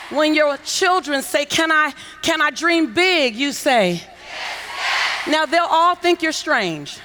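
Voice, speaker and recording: A woman giving a motivational keynote on a conference stage, coaxing the audience into call-and-response and building to shouts with repeated phrases. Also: sits high, slight background noise. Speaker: motivational speaker. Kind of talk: keynote speech to a conference crowd. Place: large conference hall on stage.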